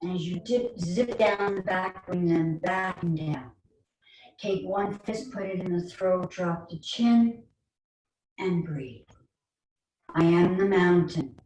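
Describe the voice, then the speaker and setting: A woman with a New York accent leading a guided chair yoga class online, giving slow, soothing cues with playful asides. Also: on the low side, a little mellow. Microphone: online video call. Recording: roomy, distant mic, faint noise.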